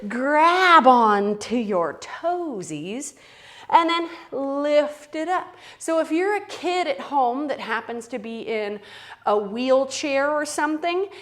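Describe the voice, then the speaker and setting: A woman's voice: high voice, a bit bright. A middle-aged woman teaching a playful, encouraging yoga class for kids, calling out each movement. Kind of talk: kids' yoga class instruction.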